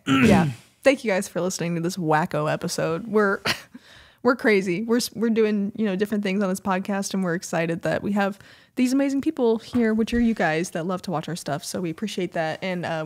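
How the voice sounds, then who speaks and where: A woman co-hosting a podcast in casual chat, teasing and exasperated in an animated way. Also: mid-range voice. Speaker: podcast co-host.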